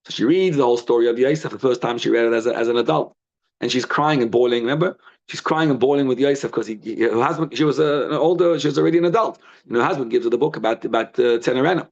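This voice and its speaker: A man teaching a live Torah class in an animated, conversational way, full of rhetorical questions, quick restarts and Hebrew and Yiddish terms. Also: mid-range voice, vocal fry, highs cut off. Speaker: rabbi teaching a daily class. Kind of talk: informal Torah lesson, storytelling.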